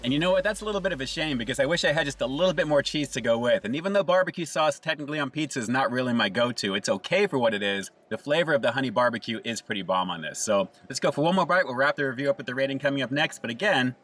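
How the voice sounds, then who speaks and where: A man's voice: mid-range voice, expressive, very fast, hardly any pauses, a bit bright, poor audio. A man hosting a casual food review, upbeat and chatty, talking to viewers between bites. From Southern California.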